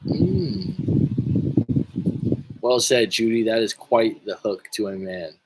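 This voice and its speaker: A man's voice: fairly low pitch, lively intonation, slow pace, no room sound, rough recording. A man coaching on a livestream in a casual, joking and profane way, rambling with frequent restarts while reading viewer comments. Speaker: life coach.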